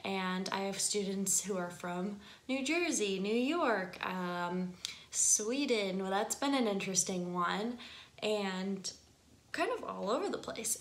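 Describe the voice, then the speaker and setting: A woman from Michigan with a Michigan accent, a voice teacher giving a relaxed, friendly explanation in a video lesson. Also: medium pitch, roomy sound. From Michigan, USA. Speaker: voice and singing teacher.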